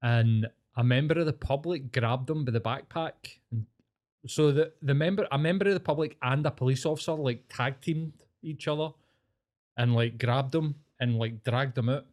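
A man's voice: mid-range voice, moderate pace. A young Scottish man co-hosting a podcast, swearing a lot as he rants in casual chat. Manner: sweary, ranting, animated. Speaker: podcast co-host.

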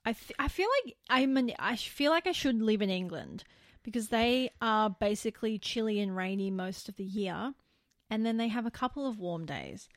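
A young Australian woman co-hosting a podcast, chatting casually and rambling, quick to laugh. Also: fairly high pitch, expressive, no room sound, studio quality. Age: young adult. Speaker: podcast co-host. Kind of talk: casual chat.

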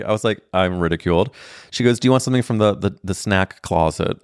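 This is a man in his thirties from St. Louis, hosting a solo podcast and spinning a comic story with campy flair. His voice sits fairly low and sounds smooth and clear. It is recorded close and dry, with no room sound. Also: fast, no room sound. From St. Louis, Missouri, USA. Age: 30s. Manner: campy, animated storyteller acting out quoted voices; laughs mid-story. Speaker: podcast host.

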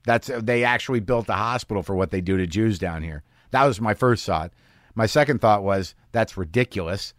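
A man's voice: on the low side, normal speed, no room sound, clean studio sound. A man hosting a podcast from his garage, telling a wry, self-deprecating story in a casual, rambling way with many restarts. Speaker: podcast host. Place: home garage studio.

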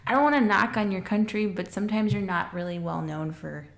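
A woman's voice: mid-range voice, fairly quick, vocal fry. Young woman co-host, upbeat chatter, roomy sound. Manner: chatty, upbeat, fillers and laughs. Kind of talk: casual chat.

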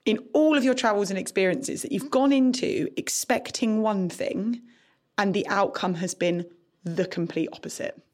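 A woman co-hosts a podcast, asking questions and responding with enthusiasm. Her voice has an ordinary pitch and an easy, chatty flow. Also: normal speed. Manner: warm, enthusiastic reactions. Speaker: podcast co-host. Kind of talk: casual interview.

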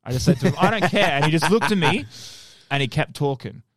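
Aussie young guy ranting fast, kinda high voice, dry room. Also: dry recording. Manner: crude, animated storytelling. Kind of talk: casual podcast chat.

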